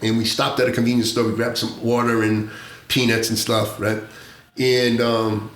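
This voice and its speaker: A man's voice: medium pitch, level tone, moderate pace, a bit bright, roomy sound. A man telling a long undercover story in casual podcast talk, acting out the voices of the people in it, laughing often and swearing. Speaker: podcast guest, former narcotics agent.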